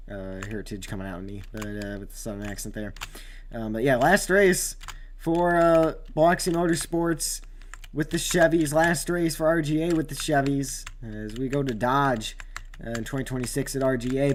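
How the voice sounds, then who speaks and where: Male streamer calling his own sim race, casual and rambling, mid-pitched, faint background hiss. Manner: rambling, many fillers, sudden excited outbursts.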